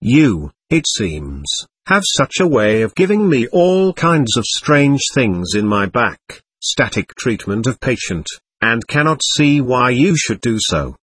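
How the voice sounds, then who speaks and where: A man reading aloud as an indignant, bewildered ghost who denies being dead, in a husky voice. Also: mid-range voice, very animated, takes it slowly, a bit bright, dry recording, heavily acted. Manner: defiant, suspicious and bewildered. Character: indignant confused ghost of a dead adult, hostile.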